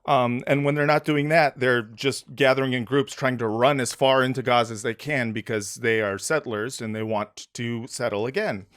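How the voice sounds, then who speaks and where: A man's voice: medium pitch, normal speed, few pauses. A man hosting a podcast in casual, sarcastic comedic chat, with lots of fillers. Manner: sarcastic, animated, filler-heavy. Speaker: podcast host.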